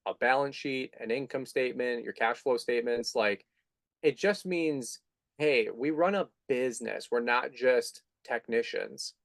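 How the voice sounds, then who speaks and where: Man, middle-aged, candid guest storytelling, self-deprecating, mid-pitched voice, dry close mic. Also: dry recording. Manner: candid, animated when quoting others, self-deprecating. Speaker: lawn care business owner, podcast guest. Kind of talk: conversational interview storytelling.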